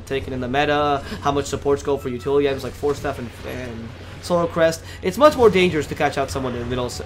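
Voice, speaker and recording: A man casting an esports match alone, talking fast, correcting himself often and getting louder in fights. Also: medium pitch, a little hiss or hum. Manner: fast, self-correcting, rising to excited shouts in fights. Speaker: esports caster. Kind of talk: solo game commentary.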